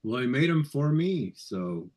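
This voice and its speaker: A man's voice: mid-range voice, sing-song, measured pace, darkish tone. A man chatting on a live video call, laid-back, giving brief answers.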